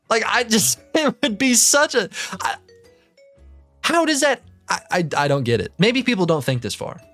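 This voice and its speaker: A man's voice: medium pitch, a bit bright, no echo. A man doing casual reaction commentary, ranting in disbelief and swearing constantly. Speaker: commentary youtuber.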